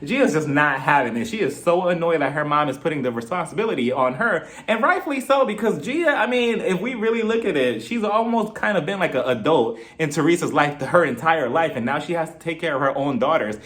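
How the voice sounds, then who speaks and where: Guy recapping reality tv, super quick, sassy and animated, slightly high voice. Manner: sarcastic, animated, laughs often. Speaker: TV recap reviewer. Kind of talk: casual chatty recap.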